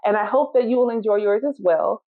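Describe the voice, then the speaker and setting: A woman's voice: mid-range voice, fairly quick. A woman hosting her own solo podcast as a law firm owner, talking casually and encouragingly to listeners and telling stories. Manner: encouraging, storytelling, direct address. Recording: tinny phone-like sound.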